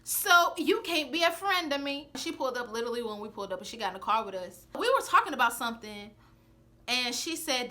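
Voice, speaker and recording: Sassy high-voiced young woman. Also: fairly quick. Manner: sassy, animated, acts out the quoted lines. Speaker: vlogger telling a personal story. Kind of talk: casual storytime chat.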